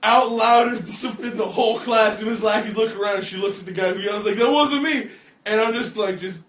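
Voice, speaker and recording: A teenage young man telling crude stories in casual podcast chat, with halting restarts. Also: sits high, steady tone. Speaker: podcast co-host. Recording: echoey room, off-mic, background noise.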